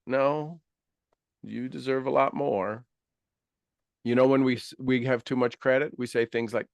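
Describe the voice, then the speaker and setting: A man speaks as a motivational coach, lively and quick to laugh, acting out the voices he quotes. His voice sits at a middle pitch. The sound is dry and close, with no room echo. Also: creaky. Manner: animated, acts out quoted inner voices, laughs often. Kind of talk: motivational talk.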